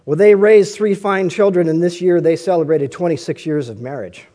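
A man's voice: a little high, normal speed, dark tone. A man preaching a conversational sermon, often asking his listeners rhetorical questions.

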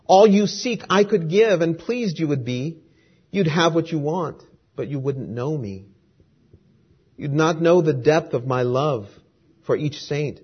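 A man reading as a gentle, tender God. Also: fairly high pitch, slightly rough. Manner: soft, calm, measured. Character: gentle, tender God speaking to his child. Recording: dull lo-fi recording.

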